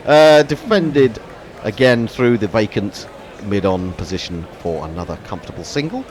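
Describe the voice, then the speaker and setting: A man's voice: lowish voice, expressive, normal speed. A man commenting ball by ball on a cricket match, with wry, chatty banter between deliveries.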